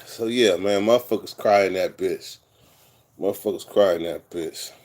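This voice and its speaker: A man's voice: low voice, a little slow, a little mellow. Profane, rambling man. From California. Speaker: vlogger telling prison stories. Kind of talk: casual storytelling monologue.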